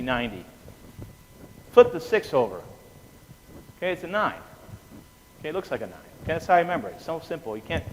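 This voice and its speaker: Guy teaching a lecture hall, lively, keeps saying okay?, roomy reverb, bit of background hiss. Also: mid-range voice. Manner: animated, asks the class questions, keeps saying "okay?". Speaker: anesthesia lecturer. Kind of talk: classroom lecture. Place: lecture room. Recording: reverberant hall with faint noise.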